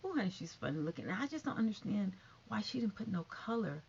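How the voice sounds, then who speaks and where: A woman's voice: medium pitch, sing-song, fast talker, gravelly, a little mellow, husky. Sassy woman vlogger, lo-fi recording. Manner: sassy, calls listeners honey and baby. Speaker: vlogger commenting on reality TV. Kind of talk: casual commentary. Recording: dull lo-fi recording with faint noise.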